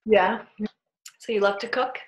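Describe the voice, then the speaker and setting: A woman's voice: mid-range voice, steady tone, unhurried. A woman with a mid-range voice hosts a casual interview. She asks short follow-up questions in a conversational tone, and her voice carries a roomy echo. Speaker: host.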